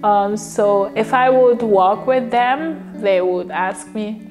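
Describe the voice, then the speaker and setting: A woman tells personal stories slowly in a documentary interview, laughing often as she goes. Her voice sits at an average pitch, and faint music plays under it. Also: darkish tone. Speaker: mother.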